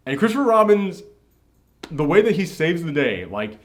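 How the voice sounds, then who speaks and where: A man's voice: a little high, expressive, moderate pace. A man hosting a casual movie reaction chat, retelling scenes with animation and acting out the characters' lines. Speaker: podcast host.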